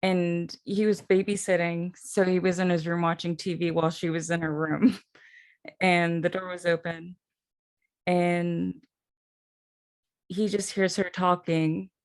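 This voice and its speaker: A woman's voice: on the low side, little pitch movement, a little slow. A woman podcast host chatting casually and laughing as she tells a creepy family story. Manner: chatty, laughs while telling stories. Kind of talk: casual chat.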